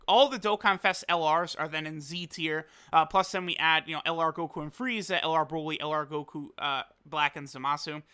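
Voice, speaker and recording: A man's voice: sits high, pushed and bright, smooth. A young man giving casual commentary on a mobile game, hesitant as he thinks aloud. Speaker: mobile game video creator.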